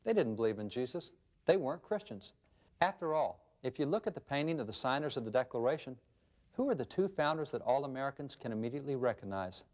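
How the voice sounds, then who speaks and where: A man's voice: medium pitch, very animated, quick pace. Emphatic man with rhetorical questions. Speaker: guest historian. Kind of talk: interview answers, then scripted narration.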